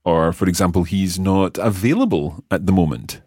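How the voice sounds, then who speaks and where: A man's voice: deep voice, moderate pace, mellow, breathy edge, dry recording, clean studio sound. A man teaching a language lesson, patiently explaining step by step and quizzing the learner.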